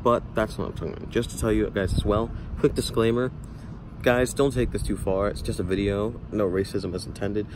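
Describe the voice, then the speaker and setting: A man's voice: lowish voice, fairly even intonation, a little fast. A young man vlogging in a casual, rambling way, recorded outdoors. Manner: rambling, filler-heavy. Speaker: YouTuber. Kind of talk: casual vlog talk. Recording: outdoor traffic noise.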